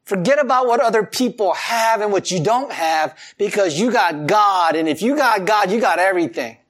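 Animated male preacher with a lively voice. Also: normal speed. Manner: animated, chuckling, swings between loud emphasis and soft low asides. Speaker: pastor. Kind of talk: sermon.

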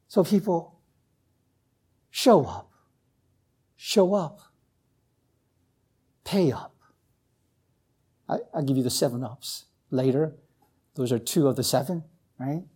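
A man preaching a sermon as pastor, repeating phrases and asking the congregation "right?", swinging from near shouts down to low, quiet lines.

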